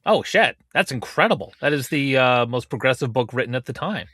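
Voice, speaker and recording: Joking man with halting fillers. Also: mid-range voice, animated, fairly bright tone, husky, dry recording, clean studio sound. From Canada. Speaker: podcast co-host. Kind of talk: casual chat.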